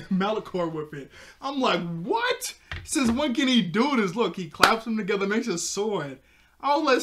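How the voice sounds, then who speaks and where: Higher-voiced young man rambling through a recap. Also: a bit bright. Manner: rambling, self-correcting, chuckles often. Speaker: TV episode reviewer. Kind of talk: casual episode recap.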